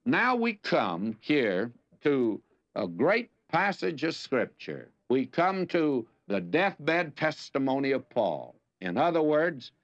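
A man's voice: medium pitch, sing-song, takes it slowly. An older man with a Southern US accent, teaching the Bible on the radio in a folksy, anecdotal way with dramatic emphasis. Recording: dull lo-fi radio recording.

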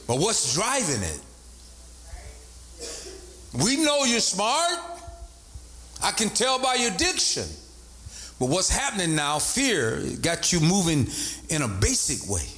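A man preaching a sermon as a bishop, animated, repeating his points and calling out to the congregation. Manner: animated preaching, voice leaping up in pitch for emphasis; repeats phrases and calls out to the congregation. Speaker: bishop and pastor.

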